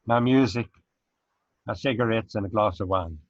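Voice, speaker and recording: Man, casual guest, halting word-searching speech, dry, lo-fi video call. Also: on the low side, dry recording. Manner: halting, searching for words, chuckling. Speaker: dance DJ and former dancer, guest. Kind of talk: casual interview answers. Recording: dry, dull lo-fi call audio.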